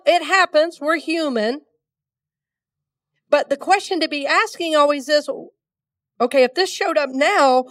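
Casual sermon from a congested woman from georgia, high voice, a bit far off the mic, dry room. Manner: conversational, repeats words, leads call-and-response. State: still has a cold, congested. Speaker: minister. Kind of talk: sermon to a live congregation.

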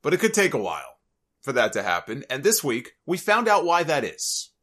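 A man's voice: a little high, huge pitch swings, moderate pace, fairly bright tone. A man hosting a podcast, telling a story in a casual, chatty way with joking asides. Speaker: podcast host.

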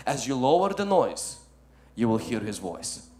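A male pastor preaching a sermon, swinging from loud emphatic lines to soft ones and calling listeners "my friend". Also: mid-range voice, sing-song, a little slow.

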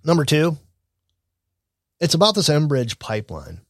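A man, fairly high for a man, talking through the news and politics in a blunt, opinionated way. He rambles and restarts his sentences. The sound is dry and close, with no room in it. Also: big pitch swings, moderate pace, dry recording. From Michigan. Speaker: commentary show host. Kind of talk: casual news and political commentary.

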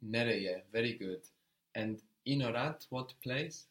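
A man's voice: medium pitch, unhurried, fairly bright tone. A man teaching a language lesson, patiently prompting a student and repeating her answers.

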